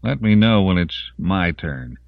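A man voicing an injured male soldier in an audiobook, croaking and worn out. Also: low voice, expressive, a little slow, no echo, highs cut off, heavily acted. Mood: weary.

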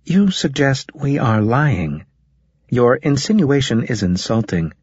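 A man's voice: medium pitch, sing-song, slow pace, a little mellow, slightly rough, no room sound, voice pushed up, heavily acted. A man reading the lines of a haughty alien prefect, in a stiff, formal, indignant way. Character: haughty pompous alien prefect, male-voiced creature. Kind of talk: audiobook character reading. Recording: dull, muffled audio.

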